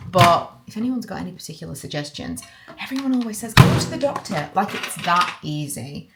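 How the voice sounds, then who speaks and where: A woman's voice: lowish voice, lively intonation, a little fast, background noise. Chatty woman in her late thirties. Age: 30s. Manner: chatty, enthusiastic, self-deprecating. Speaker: vlogger. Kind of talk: casual chat to camera. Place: at home.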